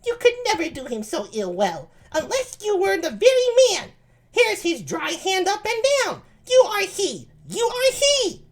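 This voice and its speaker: A man voicing a waiting-gentlewoman in a strained high falsetto while reading a play aloud on stream. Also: wildly swooping pitch, measured pace, heavily acted. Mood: teasing. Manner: falsetto, teasing. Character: shrill high-voiced older waiting-gentlewoman.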